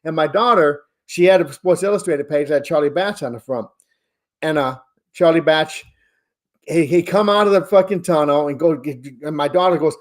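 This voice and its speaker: Speaking at a normal pace in a slightly high voice, this man co-hosts a podcast over a video call, chatting loosely, swearing without restraint, and wandering through long stories.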